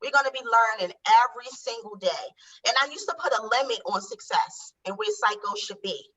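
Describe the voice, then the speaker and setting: Bright, earnest woman giving encouragement. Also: a little high, expressive, fairly quick. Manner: earnest, motivational. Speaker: entrepreneur guest. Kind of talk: encouraging advice in an interview. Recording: somewhat distant from the mic.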